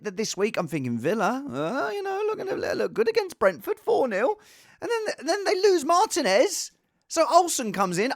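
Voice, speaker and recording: Animated, rambling man. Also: high voice, no room sound, studio quality. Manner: animated, rambling, self-deprecating. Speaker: podcast host. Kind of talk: casual chat. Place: home set with green screen.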